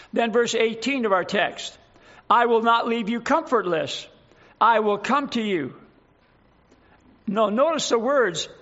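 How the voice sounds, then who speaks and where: A man preaching a sermon in a slow, emphatic way, reading scripture aloud and explaining it. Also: very high voice, sharp tone, dull audio.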